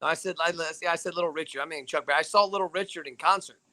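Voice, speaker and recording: A man's voice: fairly high pitch, very fast, pushed and bright. A young man hosting a casual live-stream chat from a back-porch hammock, teasing and playful. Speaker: host. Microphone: phone camera.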